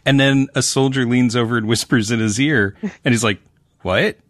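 A man's voice: medium pitch, fairly even intonation, a little fast, dry recording. Chuckling man, stammering, dry sound. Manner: stammering restarts, chuckling often. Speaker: podcast panelist. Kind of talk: casual discussion.

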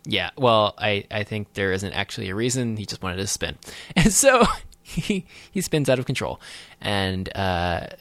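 A man's voice: lowish voice, sing-song, unhurried, a bit bright, no echo. A man hosting a podcast, recapping a film in casual chat with wry, sarcastic asides. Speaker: podcast host.

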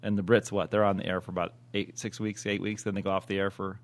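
A man's voice: sits low, flat delivery, quick pace. A man hosting a casual podcast chat, joking, laughing often and restarting his sentences. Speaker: podcast host.

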